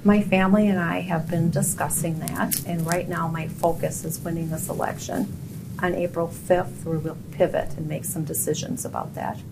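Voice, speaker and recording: A woman's voice: on the low side, level tone, moderate pace, gravelly. Woman, Upper Midwest accent, candidate interview, emphatic, noisy recording. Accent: Upper Midwest American. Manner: firm, emphatic denials, plainspoken. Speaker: judicial candidate. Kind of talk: editorial board interview. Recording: noisy room audio.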